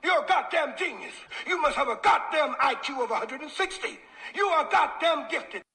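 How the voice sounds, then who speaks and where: An actor playing a loud man who hollers insults, with a gravelly, shrill shout, in a clip played from a show. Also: lively intonation, moderate pace, distant mic, full character voice. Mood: mocking. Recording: roomy clip from off-mic.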